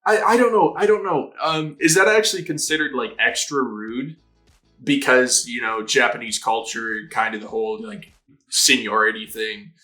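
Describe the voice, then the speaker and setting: A man hosting a casual anime reaction, talking in an excitable, slangy way and swearing freely. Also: medium pitch, normal speed, faint music behind. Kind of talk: casual live reaction commentary.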